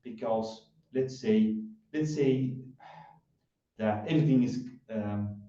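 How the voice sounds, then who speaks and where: A man in a casual academic discussion, talking hesitantly with many pauses and fillers. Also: medium pitch, dark tone. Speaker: discussion partner. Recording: echoey, muffled room from a distance.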